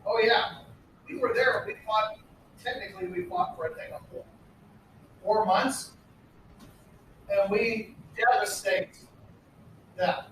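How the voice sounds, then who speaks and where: A man from the United States gives a casual history lecture, blunt and full of sarcastic asides. His voice sits high for a man. He is heard from a distance in a very echoey classroom, with faint room noise behind him. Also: sing-song, takes it slowly, long pauses, fairly bright tone. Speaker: history teacher.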